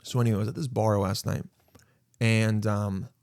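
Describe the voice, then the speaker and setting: A man hosting his own podcast, telling a story in a casual monologue and acting out quoted lines with sudden jumps in pitch. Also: moderate pace, no room sound, studio quality. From Los Angeles. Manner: animated, acts out quotes with sudden high jumps. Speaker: podcast host.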